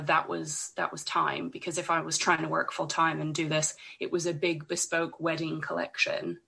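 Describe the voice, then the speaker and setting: A woman, croaky from a cold, talking as a podcast guest, hesitant, with many ums and restarts. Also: low voice, sharp tone. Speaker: podcast guest, illustrator and designer. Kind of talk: casual interview talk.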